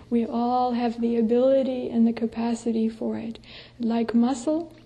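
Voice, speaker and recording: Slow, gentle woman giving a dharma talk. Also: fairly high pitch. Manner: gentle and unhurried, dropping to soft breathy asides. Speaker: Buddhist nun teacher. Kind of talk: dharma talk to a meditation group. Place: meditation group gathering.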